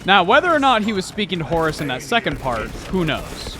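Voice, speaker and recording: A man casually commenting while streaming a game, rambling and animated, swearing often. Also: sits high, fairly quick.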